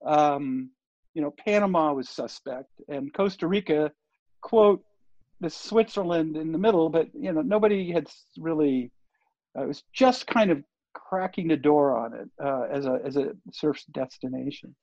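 Older male guest, gravelly and fairly high, rambling anecdote, dull dry lo-fi recording. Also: normal speed, darkish tone, dry recording. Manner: rambling, full of fillers and restarts. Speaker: interview guest, surf TV producer. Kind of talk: casual storytelling interview.

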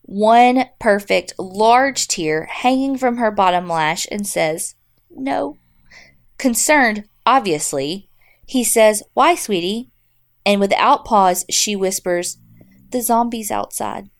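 A woman's voice: mid-range voice, expressive, takes it slowly. A woman co-hosting a podcast, reading listener stories aloud and chatting in a blunt, wry way. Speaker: podcast co-host.

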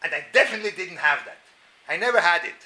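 A middle-aged Swiss man talks fast in a rather high voice while lecturing a Torah class. His storytelling is animated and self-mocking, with repeated words and sudden loud outbursts.

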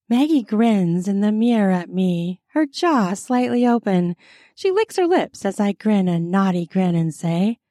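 A woman reading an erotic story aloud in an intimate, unhurried storytelling manner. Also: mid-range voice, very animated, mellow, no room sound, clean studio sound. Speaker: narrator.

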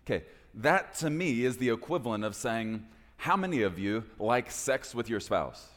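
A man preaching a sermon as pastor, swinging between loud, pleading peaks and hushed, intense passages. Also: medium pitch, animated, moderate pace, big-room sound.

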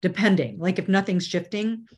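A woman's voice: medium pitch, moderate pace, slightly rough. A woman media trainer speaking as an interview guest, earnest and conversational, often restarting her sentences. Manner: earnest, with frequent restarts and "you know".

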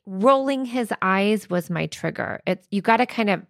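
Gravelly-voiced woman therapist, chatty. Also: lowish voice, animated, moderate pace, dry recording, studio quality. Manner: conversational, frequent "like" and "right?", laughs lightly. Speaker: podcast co-host and therapist. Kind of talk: casual explanatory chat.

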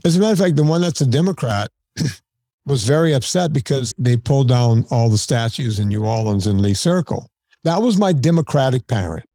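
A man's voice: medium pitch, expressive, a little fast, mellow, dry recording. A man as a podcast guest in casual conversation, telling opinionated stories in a blunt way. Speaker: podcast guest, show host.

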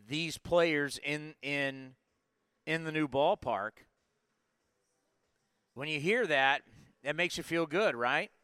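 A man in his forties hosting a live sports talk show, talking in an energetic, rambling way with lots of asides. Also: fairly high pitch, clear, resonant tone, no echo. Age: 40s. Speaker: sports podcast host.

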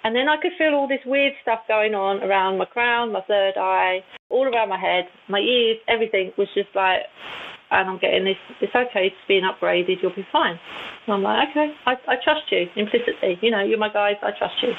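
A woman, a guest on an interview, telling stories in a chatty, animated way with frequent laughs. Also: medium pitch, brisk. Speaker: guest, intuitive and channeler. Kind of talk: casual storytelling in an interview. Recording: tinny phone-like line with faint hiss.

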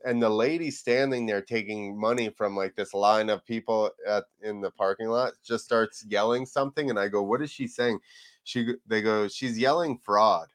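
A man's voice: fairly low pitch, moderate pace. A man guesting on a podcast, telling a rambling story in casual chat, acting out the people in it and swearing now and then. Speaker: podcast guest, freestyle motocross rider.

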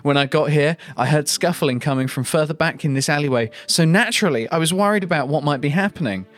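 A man doing a high, melodramatic distraught widow. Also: expressive, moderate pace, faint music behind. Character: distraught widow, woman in her thirties.

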